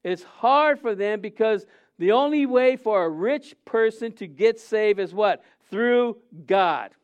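A man with a high, smooth, resonant voice preaches an informal sermon. He keeps asking rhetorical questions and stumbles through fillers and restarts, and the recording sounds a little dull and muffled. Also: animated, slow.

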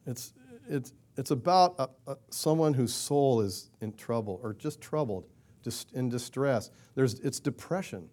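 At a measured pace, a pastor preaches expressively, speaking in a conversational way and asking rhetorical questions. He voices quoted prayers louder and higher than his usual tone.

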